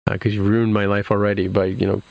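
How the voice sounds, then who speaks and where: A man's voice: fairly low pitch, level tone, fast talker, gravelly, a little mellow, no echo. A man hosting a podcast, recapping a TV episode in casual chat, rambling with many restarts and fillers. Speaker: podcast host.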